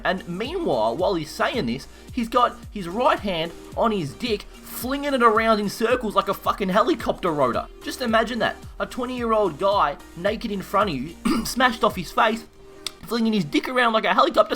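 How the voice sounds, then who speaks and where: A young Australian man telling a story in a rowdy, profane, animated way. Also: sits high, normal speed, faint music behind. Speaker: YouTuber. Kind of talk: casual storytelling while gaming.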